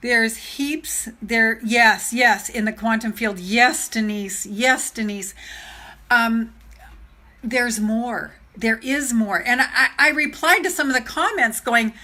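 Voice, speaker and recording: An older woman coaching on self-love in a live vlog, emotional and animated, repeating her phrases, her voice trembling. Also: fairly high pitch, slow pace. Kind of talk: live-stream vlog talk.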